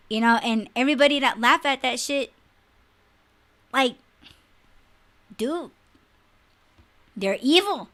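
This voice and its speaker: A young adult woman talks on a livestream podcast. Her voice is bright and sits a little high. She rants bluntly and swears a lot in loose, animated chat. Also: takes it slowly, pauses often. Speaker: podcast co-host. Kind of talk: casual livestream podcast rant.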